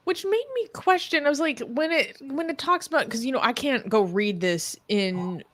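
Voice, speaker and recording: A woman's voice: sits high, expressive, moderate pace, a bit bright, no room sound. A woman co-hosting a casual live-stream discussion, speaking earnestly and searching for her words. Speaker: co-host.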